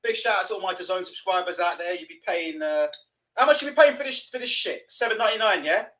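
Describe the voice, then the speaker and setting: Young man, casual stream host, sweary and mocking, high, lively voice. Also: fast talker. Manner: sweary, mocking, laughs a lot. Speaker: livestream host. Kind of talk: casual live boxing watch-along commentary.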